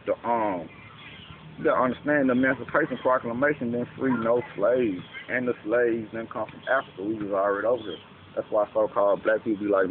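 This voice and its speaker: Medium-pitched and a little fast, with fairly even intonation, a man lectures informally about a belief in a slangy, preachy monologue, often saying "you know what I'm saying." It's captured on a tinny, lo-fi recording buried in heavy background noise.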